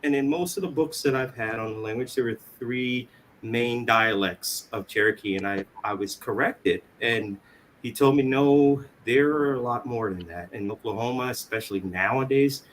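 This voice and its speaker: A man's voice: medium pitch, normal speed. A man talks on a discussion panel in an unremarkable mid-range voice. He gropes for words, restarting and repeating himself as he goes. A faint background hum sits under his speech. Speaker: panelist on Cherokee language. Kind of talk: casual panel conversation.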